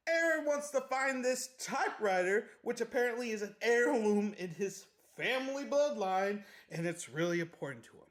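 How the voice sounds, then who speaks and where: Man, chatty joking book recapper, high voice. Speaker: book summary host.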